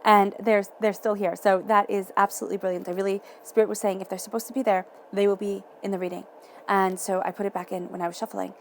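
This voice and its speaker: A woman giving a tarot reading, speaking in a soft, encouraging way and repeating phrases for emphasis. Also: mid-range voice, little pitch movement, fast talker, slight background noise. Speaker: tarot reader.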